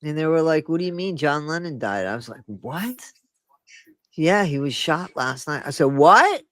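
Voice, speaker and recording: A man's voice: on the high side, a little fast, no echo. A man in his sixties co-hosting a candid talk show, telling personal memories with emphatic, cursing, interrupting talk. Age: 60s. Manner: emphatic, interrupts, swears casually. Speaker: podcast co-host. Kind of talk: candid conversational storytelling.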